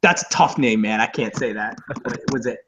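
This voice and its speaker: A young man co-hosting a casual movie podcast, rambling, profane and excitable. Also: mid-range voice, moderate pace, dull audio, slight background noise. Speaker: podcast co-host.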